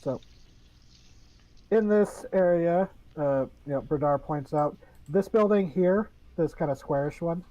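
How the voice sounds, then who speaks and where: A man's voice: a little high, unhurried, dark tone, no room sound. A man narrating as game master of a tabletop game, rambling with many fillers and restarts. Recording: dull lo-fi audio.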